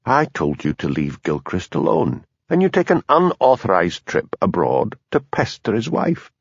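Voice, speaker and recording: A man voicing a stern police superintendent who speaks quietly and frostily in an audiobook. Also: on the low side, huge pitch swings, normal speed, slightly rough, dry recording, dull audio, exaggerated voice. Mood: cold fury. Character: quiet furious male police superintendent, cold.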